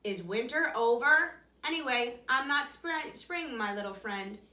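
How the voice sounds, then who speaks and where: A woman doing a gruff, sleepy storybook bear. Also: fairly high pitch, expressive, sharp tone, roomy sound, far from the mic. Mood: grumpy. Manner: gruff, slow. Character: big sleepy grumpy male bear. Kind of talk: storybook reading.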